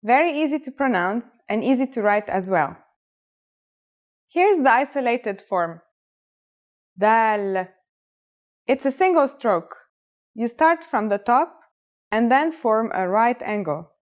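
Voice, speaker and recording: A woman's voice: on the high side, very animated, measured pace. A woman narrating a scripted language lesson in an upbeat, encouraging way. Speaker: language teacher.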